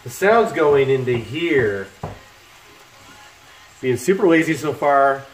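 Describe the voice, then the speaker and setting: Speaking slowly with lively intonation at a medium pitch, a middle-aged man cooks on a casual livestream in his home kitchen, bantering and joking with his viewers. Laptop speakers play music, food fries nearby, and the room echoes.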